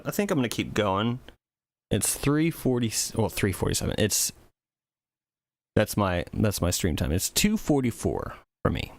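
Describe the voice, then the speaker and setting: Low-voiced rambling male streamer. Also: vocal fry, no echo. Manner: rambling, relaxed, thinks aloud with many fillers. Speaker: music streamer. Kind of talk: casual livestream chat.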